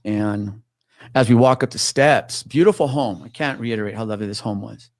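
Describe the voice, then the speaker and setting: A man's voice: lowish voice, normal speed, dry recording, clean studio sound. A man telling a story in casual chat, swearing freely and acting out the people in it. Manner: swears freely, acts out quoted voices.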